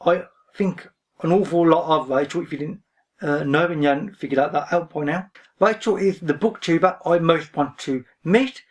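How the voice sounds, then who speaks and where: A man's voice: a little high, moderate pace. Reserved man talking from a distance. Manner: reserved, rambling, often says "frankly". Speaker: book vlogger. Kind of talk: casual talk to camera. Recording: voice a bit distant from the mic.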